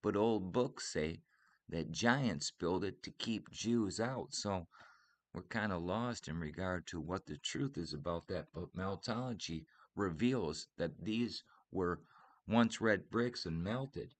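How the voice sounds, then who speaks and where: Low deep male voice, livestream host, rambling, earnest, teasing. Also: slow, no room sound. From Michigan, USA. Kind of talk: casual livestream chat.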